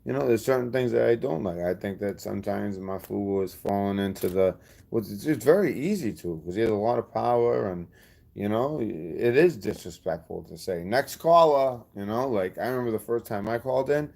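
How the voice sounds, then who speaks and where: A man talks to his channel's viewers in a very deep voice with a gravelly edge. He rambles, going off on side tracks, and speaks his mind bluntly and defiantly. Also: a little mellow. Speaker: channel host. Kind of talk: casual vlog talk to subscribers.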